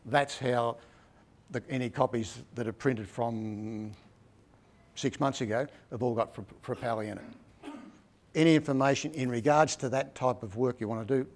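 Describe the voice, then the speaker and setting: This middle-aged Australian man delivers a chatty, storytelling book talk, wandering and restarting and leaning heavily on "right?". He speaks in a mid-range voice at a moderate pace.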